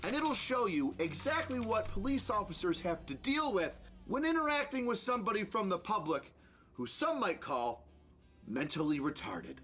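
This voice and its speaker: A man's voice: high-pitched, bright, forceful tone. A man giving sarcastic, mocking reaction commentary on a video as a streamer, ranting as he goes.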